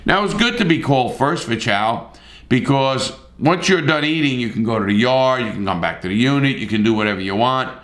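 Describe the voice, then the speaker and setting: A man's voice: medium pitch, animated, fairly quick, fairly bright tone, reverberant. A middle-aged man telling a story in a blunt, profane, casual way, with repeated starts.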